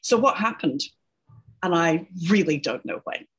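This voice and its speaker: Husky, chatty woman linguist guest. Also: lowish voice, expressive, a little slow. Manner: chatty, laughs often, tags "right?". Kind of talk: casual interview chat.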